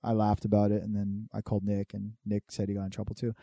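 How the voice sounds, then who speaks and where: Mellow-voiced man rambling, profane. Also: lowish voice, monotone, fast, creaky, dry recording. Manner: rambling, profane storytelling with lots of fillers. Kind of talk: casual chat.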